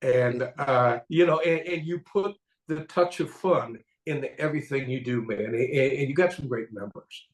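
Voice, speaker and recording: A man hosting a casual live stream, talking in a lively, folksy, enthusiastic way. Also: medium pitch, moderate pace. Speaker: host. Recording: echoey room.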